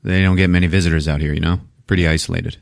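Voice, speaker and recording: A man's voice: low-pitched, steady tone, very fast, gravelly, no room sound, clean studio sound. A man casually recapping a movie plot on a podcast, laughing often and acting out the characters' lines, with some swearing. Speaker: podcast host.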